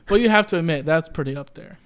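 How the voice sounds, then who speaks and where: A man's voice: a little high, a bit bright. A young man telling a story in a casual podcast chat, rambling with lots of fillers and asides. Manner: rambling, lots of "like" and "right?", laughs while telling. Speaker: podcast co-host.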